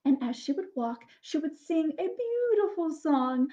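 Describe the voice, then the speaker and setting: A woman reading fairy tales aloud at children's story time, slow and animated, dropping to soft whispers. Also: high voice. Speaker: children's librarian. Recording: dull lo-fi recording.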